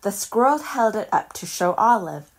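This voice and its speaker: A woman reading a children's picture book aloud in a calm, measured storytelling voice. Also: mid-range voice, loud music behind the voice. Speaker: storybook reader.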